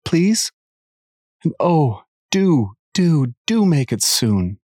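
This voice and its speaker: A man voicing an earnest, tearful young girl who begs in high, pleading tones while reading a story aloud. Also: big pitch swings, drawn-out words, a little mellow, husky, no echo, studio quality, heavily acted. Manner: begging, high and breathless pleas.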